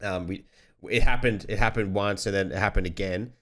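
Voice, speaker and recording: Sweary australian guy, low voice. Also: brisk. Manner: sweary storyteller, acts out other people loudly. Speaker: podcast host. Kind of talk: casual chat.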